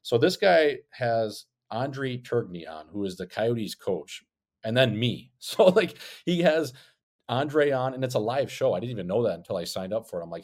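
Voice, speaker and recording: A man's voice: mid-range voice, lively intonation, moderate pace. A man telling a rambling story on a casual podcast, profane and joking. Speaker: podcast co-host, former hockey player. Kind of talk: casual chat. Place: Scottsdale.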